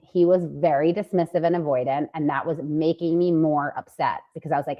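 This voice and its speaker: A woman co-hosting a podcast and telling a story in a casual, animated way, swearing freely. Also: sits low, fairly quick, few pauses, highs cut off. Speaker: podcast co-host.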